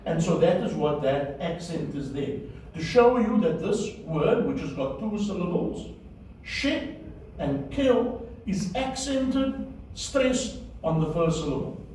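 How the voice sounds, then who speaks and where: In this lecture on Biblical Hebrew, the male instructor speaks at a measured pace in a slightly high, expressive voice with a darkish tone. He repeats key words and makes sure students keep up. The sound is distant and very echoey, and faint room noise sits underneath.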